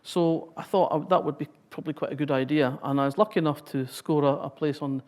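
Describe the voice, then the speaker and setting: A woman's voice: low-pitched, fast, darkish tone. A Scottish woman in her sixties giving a public talk, reading a passage and then telling wry, humorous anecdotes.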